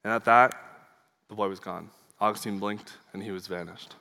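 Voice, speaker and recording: A man's voice: lowish voice, fairly even intonation, normal speed, pushed and bright. A man preaching a Sunday sermon in an earnest, conversational way, with fillers and small asides. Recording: long hall reverb.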